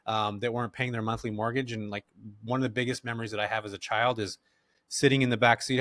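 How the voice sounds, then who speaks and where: A middle-aged man from California, talking as a podcast guest in a loose, slangy manner and laughing often. His voice sits at a medium pitch and sounds dry and close, with very little room sound. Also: no echo. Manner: laid-back, slangy, animated, laughs often. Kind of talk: casual interview storytelling.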